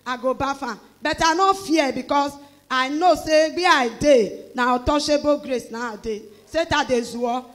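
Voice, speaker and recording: A middle-aged woman with a Nigerian Pidgin English accent gives an emotional church testimony, telling her story with animated exclamations and acting out the voices of others. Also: high voice, moderate pace. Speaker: church member giving testimony.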